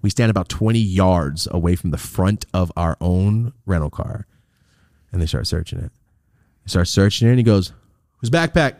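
A man's voice: moderate pace, gravelly, dry recording, studio quality. A man in his thirties hosting a podcast, telling a story casually with lots of swearing and acting out the people in it. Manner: animated, profane, acts out quoted people with big pitch jumps. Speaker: podcast host.

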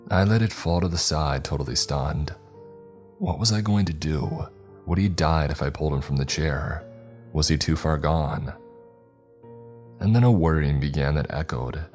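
A man reads a scary story aloud in a measured, somber way. His voice is extremely deep, and faint music plays beneath the narration. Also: darkish tone. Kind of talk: scripted narration.

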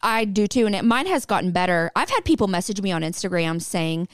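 Woman, podcast guest, casual chat, halting speech, blunt, dry room. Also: medium pitch, animated, dry recording. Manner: halting, stuttery, blunt and profane. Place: living room by a fireplace.

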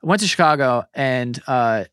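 A man co-hosting a podcast, telling animated stories in casual chat and swearing often. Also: mid-range voice, moderate pace, clean tone, dry recording, clean studio sound. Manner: animated storytelling, heavy swearing. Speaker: guest co-host.

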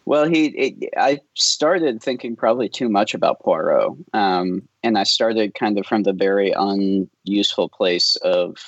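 A man guesting on a podcast, talking in a relaxed, rambling way and laughing often. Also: on the low side, measured pace, hardly any pauses, no room sound, lo-fi sound. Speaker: film director guest. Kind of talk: casual podcast interview.

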